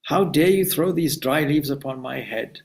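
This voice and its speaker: A man's voice: on the high side, lively intonation, normal speed, vocal fry. A man reading an angry young ascetic. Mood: indignant. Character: proud, short-tempered young male ascetic.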